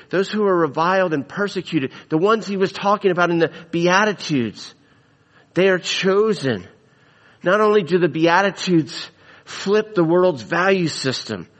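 A man preaching a sermon as pastor, emphatic, slowing and dropping low on the scripture lines. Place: church sanctuary. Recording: long reverb of a church hall.

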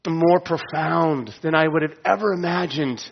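This sermon comes from a middle-aged man whose fairly high voice is husky with vocal fry, moving at normal speed. Storytelling, direct questions to listeners, and chuckles at his own jokes fill the talk, recorded with a dull tone and long hall reverb.

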